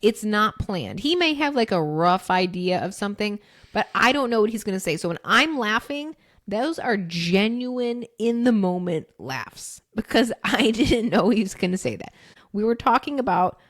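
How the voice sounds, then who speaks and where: A woman's voice: medium pitch, expressive, normal speed, a bit bright, dry recording, clean studio sound. A woman in her thirties hosting a casual chat, laughing often and talking freely. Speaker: podcast host.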